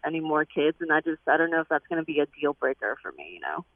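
A woman's voice: low voice, very animated, fast talker, dry recording. A woman in her thirties calls in to a radio advice show, speaking hesitantly with lots of "like" and restarts. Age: 30s. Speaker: caller. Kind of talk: call-in radio conversation. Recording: tinny phone line.

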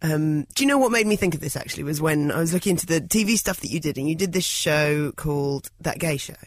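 High, hesitant male interviewer. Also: expressive, quick pace, dry recording. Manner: hesitant, apologetic questioning.

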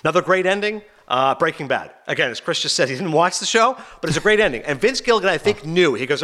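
Male podcast host, rapid and lively, slightly high voice, storyteller energy. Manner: fast, animated storytelling with acted-out quotes. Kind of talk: casual podcast chat.

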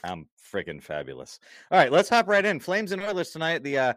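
A man hosting a casual hockey podcast, animated and jokey, often laughing as he talks. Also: sits high, quick pace, dry recording. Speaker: podcast host. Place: Massachusetts.

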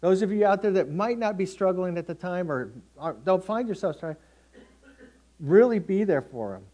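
A man's voice: high voice, lively intonation, moderate pace, dark tone, dull audio. A middle-aged man preaching a sermon in a conversational, storytelling way, acting out quotes from everyday people.

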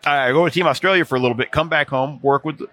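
A man guest on a casual sports podcast, telling animated anecdotes and often restarting his sentences. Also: on the high side, rapid-fire. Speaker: podcast guest, former NBA video coordinator. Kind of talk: casual storytelling chat.

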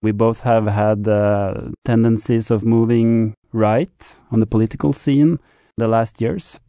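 A Norwegian man, a guest on a talk show, answers slowly and hesitantly, filling gaps with "uh." His voice sits in a middle range with a dark, mellow tone. The sound is dry and close. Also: lowish voice, steady tone, dry recording. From Norway. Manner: thoughtful, hesitant, many uh fillers. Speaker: guest guide. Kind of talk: casual talk-show chat.

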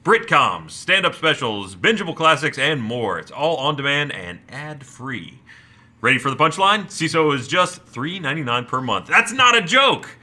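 Bright, animated male co-host, playful ad reader. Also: medium pitch, moderate pace. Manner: playful, reads ads with mock enthusiasm. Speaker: podcast co-host. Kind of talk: casual chat and ad read.

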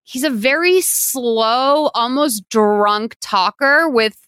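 A woman's voice: on the high side, takes it slowly, a bit bright, smooth, no echo. A woman hosting a podcast, chatting casually and animatedly, laughing often. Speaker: podcast host. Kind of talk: casual chat.

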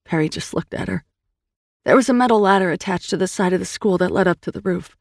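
A woman's voice: fast talker, vocal fry, no room sound, clean studio sound. A woman reading an audiobook story aloud, lifting her voice for the characters' lines. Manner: voices characters with raised pitch. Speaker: audiobook narrator. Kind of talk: scripted audiobook narration.

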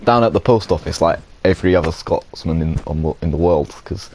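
Male podcast host, lower voice, rambling crude jokes, light background hiss. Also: fairly quick, a little mellow, poor audio. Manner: laughing, sweary, rambling. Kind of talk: crude banter.

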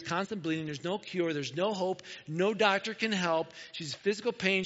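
A man preaching a sermon, retelling a gospel story in a casual, conversational way and often dropping to a soft, hushed voice. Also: high-pitched. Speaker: pastor. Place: church sanctuary. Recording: dull, lo-fi church recording with long hall reverb.

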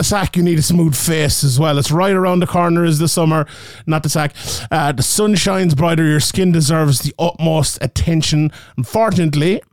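A man's voice: on the high side, no echo, studio quality. A male podcast host reading ads in a casual, joking, rambling way, often correcting himself. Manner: rambling, jokey, self-correcting. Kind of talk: casual chat and ad reads.

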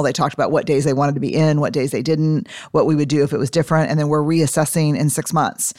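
A woman hosting an interview podcast, upbeat and casual, steering the guest through rapid-fire questions and swearing now and then. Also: low voice, steady tone, a little mellow, no room sound, clean studio sound. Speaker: podcast host. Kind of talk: conversational interview.

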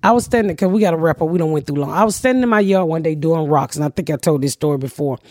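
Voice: medium pitch, racing, no room sound, clean studio sound. A podcast co-host telling a story in casual chat, swearing freely and acting out what other people said. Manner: profane, animated storyteller acting out quotes.

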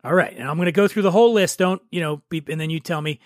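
A man's voice: on the high side, racing, no room sound, studio quality. A man hosting a podcast, chatting casually and teasing his guest with a playful quiz. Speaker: podcast host. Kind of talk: casual chat.

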